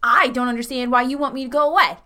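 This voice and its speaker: A woman's voice: high-pitched, quick pace, pushed and bright. A woman playing a stubborn, defiant oni woman in a fine dress in a tabletop game, arguing and bossy.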